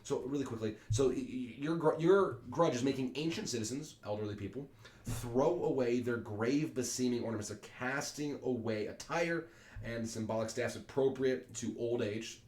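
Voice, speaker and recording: A man's voice: medium pitch, moderate pace, a little mellow. A man teaching Shakespeare in a casual lesson, explaining plainly with fillers and paraphrasing each line. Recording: echoey room.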